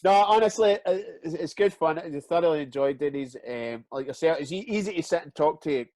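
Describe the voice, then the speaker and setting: A man's voice: on the high side, fairly quick, dry recording. A middle-aged Scottish man, a retired footballer, telling stories in a casual interview, swearing freely and acting out what people said. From Scotland. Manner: animated, swears freely, acts out quotes.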